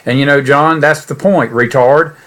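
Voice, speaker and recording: A man's voice: medium pitch, moderate pace, fairly bright tone. A middle-aged man hosting a political commentary podcast. He talks in a folksy, earnest way that turns indignant, and he speaks to his listeners as folks. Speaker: podcast host.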